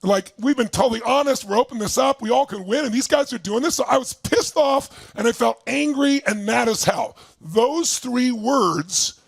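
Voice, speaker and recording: A man with a raspy, gravelly voice telling a story to a live audience as a motivational speaker. He is emphatic and acts out quoted lines. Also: moderate pace, few pauses, dry recording. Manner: emphatic, acts out quotes with big swings in pitch.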